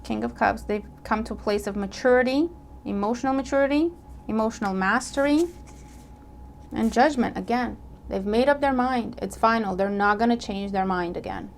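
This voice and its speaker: A woman giving a casual tarot reading to her viewers. She talks in an animated way, often asking "okay?" and repeating her points. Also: on the high side, normal speed, slight background noise. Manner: animated, acts out imagined dialogue; checks in with listener, repeats herself. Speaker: tarot reader.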